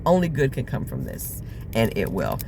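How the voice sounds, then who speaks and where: A woman's voice: rumbling low, huge pitch swings, normal speed, vocal fry, background noise. A woman vlogger telling her own story in a personal video diary, earnest and reflective, with frequent fillers.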